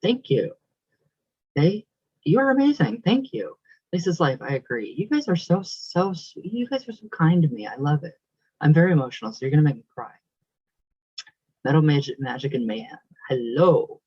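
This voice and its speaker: A man's voice: a little high, lively intonation, brisk, darkish tone, husky, dry recording, highs cut off. A young man hosting his channel, reading out viewer comments in a casual, affectionate, emotional way with frequent laughs.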